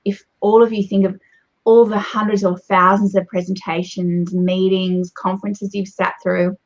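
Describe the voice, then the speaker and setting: Husky woman telling stories. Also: mid-range voice, normal speed. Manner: animated storyteller, lively shifts in pace and loudness. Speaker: guest, presentation coach. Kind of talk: conversational advice. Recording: dull, muffled lo-fi audio.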